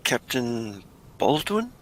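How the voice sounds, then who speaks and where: A man's voice: medium pitch, sing-song, slow, low-quality recording. A man voicing a polite, hesitant male doctor in a tabletop game.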